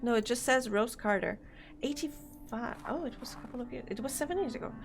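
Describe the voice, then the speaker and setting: A woman's voice: on the high side, a little fast, soft background music. A woman casually commenting on a game as she plays, giggling and reacting aloud. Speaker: streamer.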